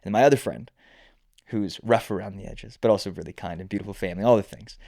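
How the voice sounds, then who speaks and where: A man on a faith podcast, telling stories in casual chat, animated and rambling, full of restarts. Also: on the low side, fast talker, vocal fry.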